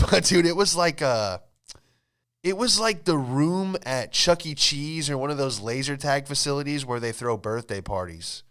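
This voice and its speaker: Smooth-voiced man ranting through a story. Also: mid-range voice, lively intonation, normal speed, fairly bright tone. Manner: profane, rambling and exasperated, with frequent laughs. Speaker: podcast host and comedian. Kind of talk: casual storytelling monologue.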